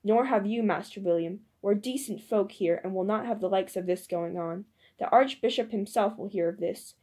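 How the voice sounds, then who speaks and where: Vicious old widow, mob leader, played by a woman reader; loud, threatening storybook voice. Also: medium pitch, normal speed, close to an everyday voice. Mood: spiteful. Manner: shrieking, threatening.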